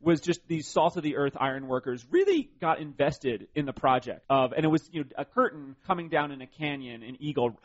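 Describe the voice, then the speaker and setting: A man's voice: fairly high pitch, expressive, fairly quick, hardly any pauses. A man talking casually as a radio co-host, wry and irreverent, with the odd curse. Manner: wry, irreverent, swears freely. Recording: slightly dull broadcast audio.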